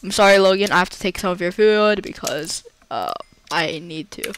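Speaking at a moderate pace in a lowish voice, a woman chats through Minecraft gameplay, now and then erupting into dramatic squeals and repeated panicked cries. A little hiss or hum is audible.

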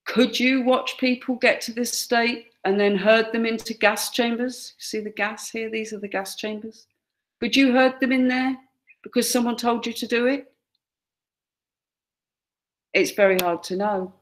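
A woman's voice: on the high side, steady tone, measured pace. Woman lecturing a class. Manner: explains pointing at pictures, acts out quoted lines. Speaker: teacher.

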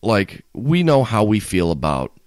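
A low-pitched man talks through a casual podcast chat, his pitch leaping up and down as he rambles and restarts. The recording is dry and close. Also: unhurried, no room sound. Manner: rambling, restarts often, animated. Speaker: podcast co-host.

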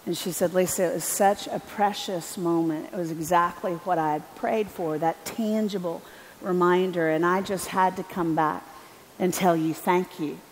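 A woman telling a story in a sermon at a conference, animated and acting out the voices of the people in it. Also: on the low side, moderate pace, a little hiss or hum. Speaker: conference speaker. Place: large arena. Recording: echoey arena with faint ambience.

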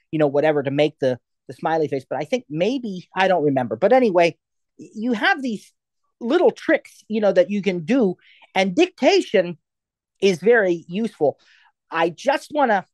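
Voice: mid-range voice, darkish tone, no room sound. An instructor teaching a live class, chatty and digressive, thinking aloud with lots of ums and uhs. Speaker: assistive technology instructor.

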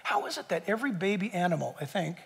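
A man's voice: high voice, animated, fast talker, gravelly, husky, long reverb tail. A male pastor preaching an impassioned sermon to his church, full of emphatic rhetorical questions and jokes. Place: church sanctuary.

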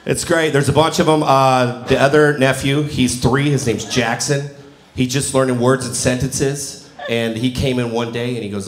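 A man's voice: medium pitch, fairly quick. A man in his forties performing a stand-up comedy set, telling stories and acting out what people said. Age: 40s. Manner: animated storytelling, acting out quotes. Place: comedy venue with a laughing audience. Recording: roomy live venue with audience noise.

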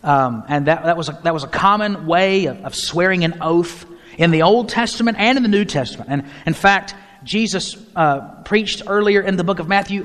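Man, pastor, Bible study teacher, conversational with restarts, slightly high voice, long hall reverb. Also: normal speed, a bit bright. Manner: conversational, frequent restarts, takes group questions. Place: church hall.

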